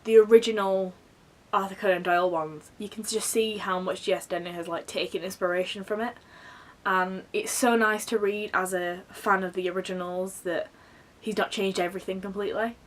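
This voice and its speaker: A young woman chatting to camera about books she is excited for, in a gushing, excitable way full of fillers. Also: mid-range voice, normal speed, far from the mic. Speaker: book vlogger. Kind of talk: casual chat to camera.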